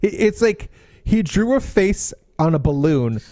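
Sarcastic, expressive podcast co-host, dry close sound. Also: mid-range voice, measured pace, no room sound. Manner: sarcastic, mocking asides, acts out characters. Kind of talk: casual chat recapping a romance novel.

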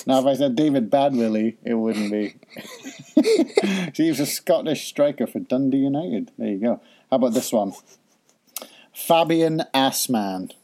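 A man's voice: mid-range voice, lively intonation, measured pace, pauses often, dark tone. A man in his forties hosting a casual chat, quizzing and teasing in a playful, jokey way. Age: 40s. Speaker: podcast host and father.

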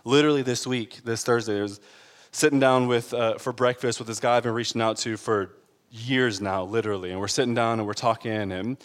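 A man's voice: medium pitch, fairly even intonation, fairly quick, long reverb tail. A man preaching a sermon in an earnest, conversational way, building to emphatic peaks. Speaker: pastor.

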